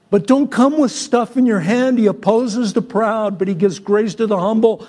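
A male pastor from Syria preaching a sermon, swinging from loud exhortation to soft, conversational storytelling. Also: high voice, moderate pace, few pauses.

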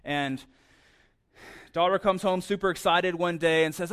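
A man's voice: sits high, fairly even intonation, measured pace, long pauses, a bit bright, clean tone. A man preaching a sermon in a conversational way, often stammering and repeating words. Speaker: pastor.

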